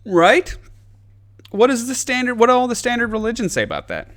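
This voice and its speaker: A man's voice: extremely high pitch, wildly swooping pitch, fairly quick, fairly bright tone. A man hosting a podcast, ranting in a casual, sarcastic, profane comedic way. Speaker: podcast host.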